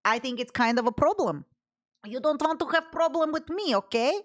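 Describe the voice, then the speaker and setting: A woman's voice: high voice, expressive, normal speed, voice pushed up. A woman jokingly mimicking a lost ghost woman, theatrical and over the top. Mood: mock threatening. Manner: exaggerated, theatrical, mocking. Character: mock lost ghost woman with heavy accent.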